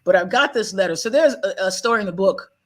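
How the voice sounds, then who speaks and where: A woman guest on a live talk show, telling a personal story in an animated way and laughing often. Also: mid-range voice, quick pace. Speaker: guest author.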